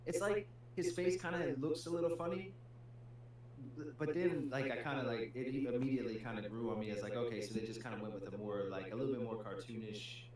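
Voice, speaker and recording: A man co-hosts a gaming stream, chatting casually and sprinkling in "dude" and "man." He's an adult with a young child, and his mid-range voice is steady, quick, and a little mellow. The room is echoey with a faint hum.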